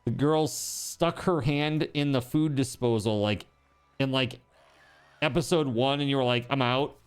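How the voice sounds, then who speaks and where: A man's voice: medium pitch, unhurried, clear, resonant tone. A man streaming a game, chatting casually in a rambling, joking way, swearing now and then and packing his talk with fillers.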